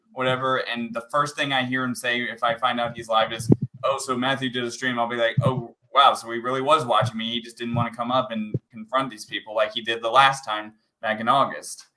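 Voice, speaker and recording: A man's voice: mid-range voice, bright, forceful tone, a little hiss or hum, rough recording. A man hosting a livestream panel, talking casually and rambling with many restarts. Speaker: livestream host.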